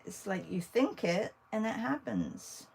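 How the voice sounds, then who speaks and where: Host: chatty woman art teacher, unhurried delivery, a bit of vocal fry, talks to viewers while she draws. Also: mid-range voice, huge pitch swings, darkish tone, low-quality recording. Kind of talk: casual livestream drawing demo.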